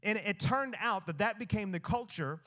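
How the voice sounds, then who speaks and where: Holding a handheld microphone in a church hall before a live congregation, a male pastor delivers a sermon. His voice sits high, with a fairly bright tone and a normal pace. His style is loose and conversational, full of fillers, restarts and playful asides.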